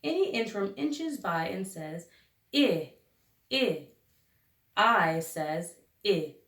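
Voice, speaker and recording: Slow, deliberate teacher in an echoey room. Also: female voice, mid-range voice, sing-song, fairly bright tone, slight background noise. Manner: slow and deliberate, sounding out each letter. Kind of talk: slow phonics lesson for young children. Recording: echoey room, recorded from a distance.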